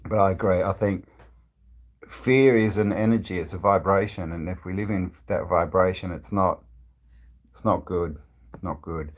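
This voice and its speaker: A man's voice: sits low, fairly even intonation, moderate pace. A man hosting a casual live stream, reading viewers' comments aloud and rambling with many fillers and restarts. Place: indoors, travelling.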